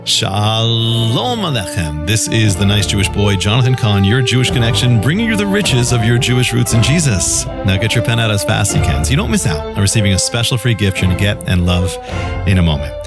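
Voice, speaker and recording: Low-voiced man preaching a devotional radio spot. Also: animated, fast talker, over loud music. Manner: storytelling, then fervent offer pitch. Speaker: radio minister. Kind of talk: short devotional radio message with a call-in offer.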